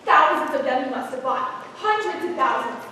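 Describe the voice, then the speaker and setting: A woman playing a shrill spoiled rich girl. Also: expressive, normal speed. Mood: boastful. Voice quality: shrill and shouting. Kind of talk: stage play acting. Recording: echoey hall from far off, noisy.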